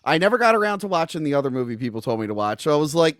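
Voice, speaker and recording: Male host, casual review chat; blunt, profane, lively swings in pitch, dry close sound. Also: rapid-fire, no room sound. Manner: blunt, swears freely, rambling asides. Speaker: podcast host.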